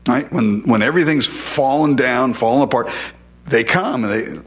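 A man's voice: mid-range voice, normal speed, fairly bright tone, lo-fi sound. A male pastor preaching a sermon in a conversational way, often repeating words as he stresses a point.

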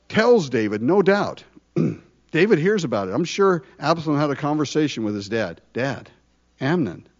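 A man preaching a conversational sermon, full of rhetorical questions and lively asides. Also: medium pitch, highs cut off. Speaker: pastor.

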